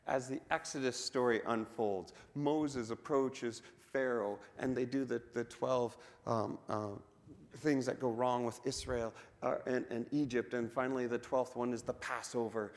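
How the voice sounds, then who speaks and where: A man preaching a sermon in a church, telling the story with animated delivery and acting out the voices of the crowd. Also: medium pitch, a little slow. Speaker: pastor. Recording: long reverb of a church hall.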